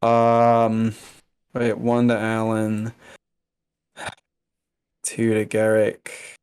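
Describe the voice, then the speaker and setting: A man chats casually at a board game table, often muttering and counting to himself. He speaks slowly. The sound is dry and close. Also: lowish voice, monotone, darkish tone, smooth, dry recording. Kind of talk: casual chat while playing a board game.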